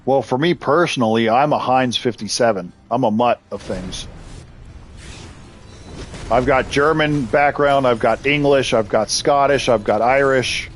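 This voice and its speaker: A man's voice: mid-range voice, unhurried, faint music behind. Man chatting loosely on a game stream. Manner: rambling, laughs often, reacts to viewer chat. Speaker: live-stream gamer host. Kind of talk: casual live-stream chat.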